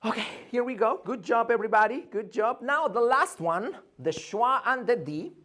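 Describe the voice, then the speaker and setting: A man's voice: very high voice, expressive, moderate pace, fairly bright tone. A man teaching an English pronunciation lesson, drilling sounds by repeating them and asking and answering his own questions.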